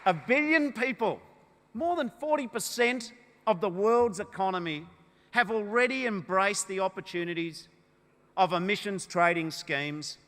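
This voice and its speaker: An Australian man as a party leader giving a rousing political speech at a conference, with emphatic oratory that swells into loud, punchy declarations. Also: high voice, a little slow. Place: large conference hall. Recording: echoey hall with long reverb.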